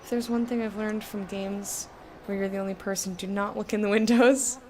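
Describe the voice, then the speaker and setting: A young woman casually commenting while playing a video game, chatty and thinking aloud, with sudden bursts of excitement. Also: medium pitch, moderate pace, slight background noise. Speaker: let's play streamer.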